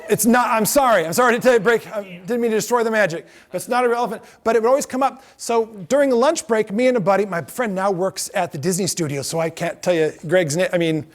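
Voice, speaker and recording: A man's voice: high voice, fast, hardly any pauses. A man giving a lecture, telling funny anecdotes from his days as a ride skipper, laughing often and correcting himself as he goes. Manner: joking storyteller, laughs at his own stories; self-correcting, rambling asides.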